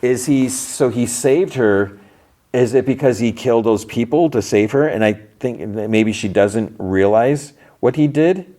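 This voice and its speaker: Man, podcast host, mellow tone, casual recap, rambling retelling. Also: medium pitch, a little slow. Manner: retells scenes loosely, quoting characters with filler and restarts.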